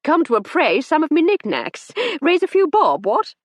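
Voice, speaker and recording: A woman voicing a jovial, naive older gentleman in an audiobook, hearty and fond of tagging "what?" onto his remarks. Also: sits high, sing-song, normal speed, dry recording, pitched above the performer's own voice. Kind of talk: audiobook character reading.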